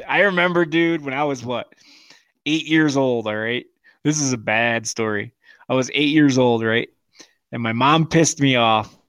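A man's voice: medium pitch, measured pace, fairly bright tone, clear, resonant tone, dry recording, clean studio sound. A man in his forties co-hosting a podcast, telling crude stories in casual chat and laughing often. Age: 40s. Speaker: podcast co-host.

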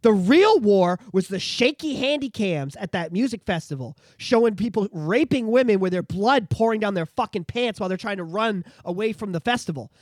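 A man from Canada co-hosting a podcast, ranting profanely about politics, swinging from loud outbursts to low mutters. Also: expressive, normal speed, few pauses, dry recording, clean studio sound. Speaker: podcast co-host. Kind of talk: casual political rant.

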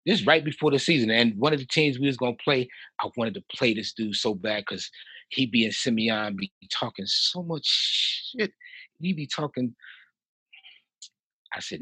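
A man in his fifties from Chicago, a house music producer telling stories as a podcast guest in a lively way, with frequent laughs and restarts. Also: mid-range voice, moderate pace, breathy edge, no echo, low-quality recording. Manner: animated, laughs often, repeats and restarts. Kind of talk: casual storytelling in a podcast interview.

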